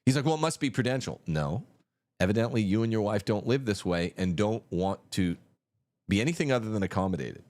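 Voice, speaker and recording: Male livestream host, combative and mocking, lively swinging pitch. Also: a little fast. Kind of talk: livestream commentary.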